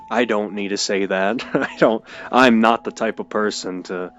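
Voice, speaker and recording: A young man telling an emotional personal story, halting and hesitant with many restarts. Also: lowish voice, fairly bright tone, highs cut off. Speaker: video creator.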